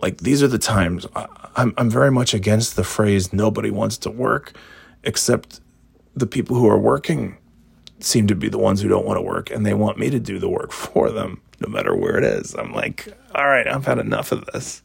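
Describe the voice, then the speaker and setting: Hoarse middle-aged man, deep and raspy, dry close sound, fed-up rambling vlogger. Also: expressive, normal speed, no room sound. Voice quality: gravelly, raspy. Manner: exasperated, rambling, profane. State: hoarse from coughing. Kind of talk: casual ranting vlog.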